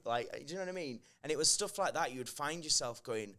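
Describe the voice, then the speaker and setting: A man, a podcast guest telling animated stories and acting out quotes. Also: a little high, fairly quick. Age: 30s. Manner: animated storytelling, acts out quoted lines. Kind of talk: casual chat.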